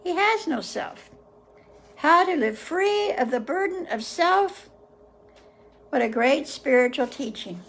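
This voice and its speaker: A woman hosting a session where she reads a book aloud to viewers, pausing often in a gentle, unhurried way to muse on the passages. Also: high-pitched, expressive. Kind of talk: reading aloud with casual reflections.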